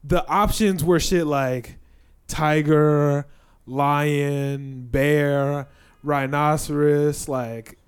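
A man's voice: on the high side, steady tone, drawn-out words, clean tone. Young man telling loose casual stories. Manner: loose, profane storytelling with lots of "like". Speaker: podcast host. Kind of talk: casual chat.

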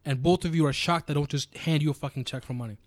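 A New man talks quickly and a bit high, spinning animated stories and swearing freely. His voice sits close and dry on the mic, with no room around it. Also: no room sound. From New York. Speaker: podcast co-host. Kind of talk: casual chat.

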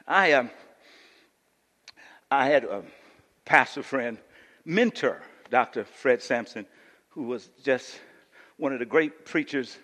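A man preaching a sermon as pastor, animated and sometimes rising to near shouts. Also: medium pitch, husky. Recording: long church-hall reverb.

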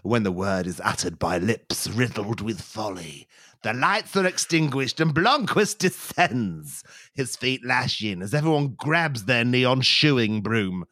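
A man voicing a pompous male would-be gladiator who speaks of himself in the third person, slow and grand. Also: medium pitch, lively intonation, bright, forceful tone, no echo, clean studio sound. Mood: grandiose. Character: pompous male aerial-ace gladiator hopeful.

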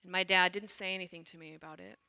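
Middle-aged nun, personal testimony, lively storyteller, bright tone. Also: female voice, on the low side, fast talker. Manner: animated storyteller, acts out quotes. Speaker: religious sister.

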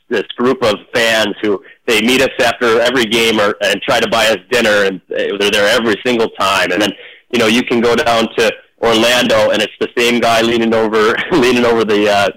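Former ref guy telling a funny story on radio, animated, keeps restarting. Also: lowish voice, fairly quick, low-quality recording. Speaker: hockey officiating manager, former referee. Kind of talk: casual storytelling interview.

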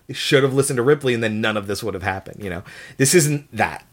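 A podcast co-host talking in a measured, explanatory way during a casual film discussion. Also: mid-range voice.

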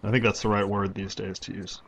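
A man's voice: fairly low pitch, level tone, a little fast, gravelly, fairly bright tone. A man co-hosting a podcast in casual chat, making dry, wry remarks. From Northeast US. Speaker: podcast co-host. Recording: dull lo-fi sound.

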